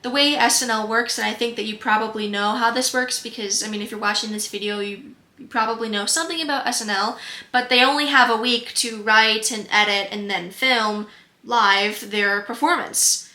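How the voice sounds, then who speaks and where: A nineteen-year-old woman hosting a comedic vlog, playfully mock-outraged with quick sarcastic asides. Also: fairly high pitch, steady tone, sharp tone. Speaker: comedy YouTuber. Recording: echoey room with faint music.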